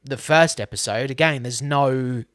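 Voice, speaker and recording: A man's voice: medium pitch, a little slow, fairly bright tone, dry recording. Casual young British man, dry close sound. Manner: rambling, trails off mid-sentence. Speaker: podcast co-host. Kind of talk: casual chat.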